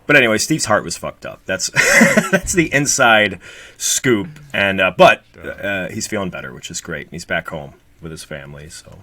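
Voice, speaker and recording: A man's voice: deep voice, sing-song, moderate pace, sharp tone, no echo. A man in his late thirties, a guest co-host in casual, rambling podcast chat, swearing and joking. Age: late 30s. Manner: rambling, profane, jokey.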